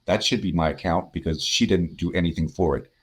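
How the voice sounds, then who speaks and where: This sales consultant, appearing as a podcast guest, has a low voice and a brisk delivery. His storytelling is conversational and animated, built on workplace anecdotes in which he performs the voices of those he quotes.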